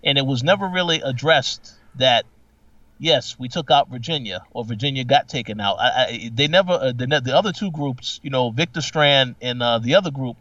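A man co-hosting a podcast, chatting casually with many halting restarts. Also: mid-range voice, sharp tone, dry recording, far from the mic. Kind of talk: casual recap chat. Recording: dull, dry, off-mic.

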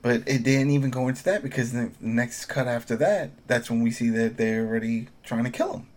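A man chatting casually as a podcast co-host, animated and acting out quotes while reviewing a TV episode. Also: medium pitch, a little fast. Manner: animated, acts out quotes in voices. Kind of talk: casual chat.

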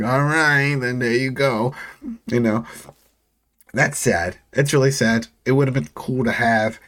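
A man recapping a TV episode in a casual chat. His voice sits at an ordinary middle pitch. He rambles loosely and jumps into quick acted-out lines from the characters. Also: a bit bright. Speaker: podcast co-host.

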